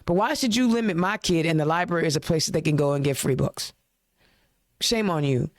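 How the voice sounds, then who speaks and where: Her voice is low and brisk, captured as a dry studio recording. The Indiana political podcaster rants with emphasis, tossing out rhetorical questions and slang while slightly choked up, and later reads sponsor messages and brings on her guests.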